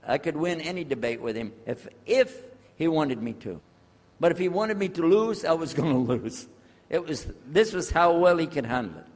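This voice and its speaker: An older American man telling his own story to an audience, acting out the dialogue with big swings in loudness. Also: fairly high pitch, big pitch swings, moderate pace. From USA. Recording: long hall reverb.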